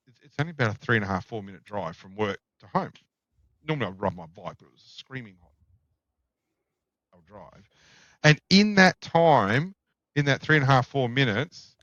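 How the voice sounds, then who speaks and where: A man's voice: fairly low pitch, a bit bright, dry recording. A middle-aged Australian man, a podcast guest, telling blunt, profane anecdotes in casual chat. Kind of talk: casual storytelling. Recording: dull, dry lo-fi sound.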